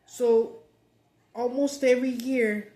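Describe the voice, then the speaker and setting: A woman's voice: fairly high pitch, steady tone, slow, mellow. Roomy-sounding woman venting. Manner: frustrated, cussing, mixing Spanish and English. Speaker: mukbang vlogger. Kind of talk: casual chat while eating. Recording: roomy echo.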